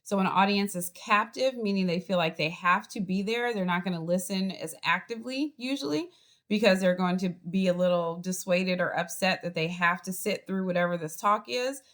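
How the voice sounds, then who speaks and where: A woman's voice: fairly low pitch, moderate pace. A woman professor with a Boston accent, giving a chatty online class lecture over a video call. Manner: lively, chatty teaching with acted example voices. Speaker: college professor.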